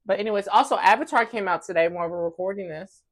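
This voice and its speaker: A young woman hosting a casual podcast chat, brash and profane, flaring into loud bursts. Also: mid-range voice, fast talker. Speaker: podcast host.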